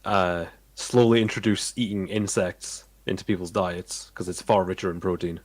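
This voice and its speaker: A young man guesting on a podcast, with a fairly low voice and a close, dry sound. He chats loosely and throws in deadpan jokes. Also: moderate pace, dry recording. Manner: dry, joking asides. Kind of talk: casual chat.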